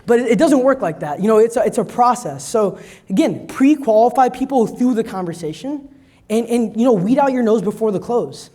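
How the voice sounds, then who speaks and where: A man's voice: extremely high pitch, brisk. A man, a company president, giving a motivational sales talk at a conference, asking the crowd "right?" and acting out customers' lines. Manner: energetic, addresses crowd directly, acts out customers' lines; frequent "right?" tags and repeated words. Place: conference stage.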